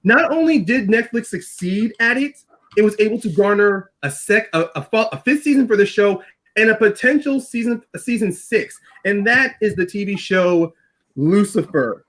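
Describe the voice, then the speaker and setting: A man on a casual group podcast, talking in an animated way with quick asides and laughter. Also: sits high, poor audio. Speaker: podcast panelist.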